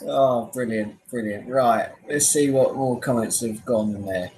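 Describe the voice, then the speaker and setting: A man hosting a casual live stream chat, relaxed and chatty, often trailing off quietly. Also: mid-range voice, unhurried, heavy background noise.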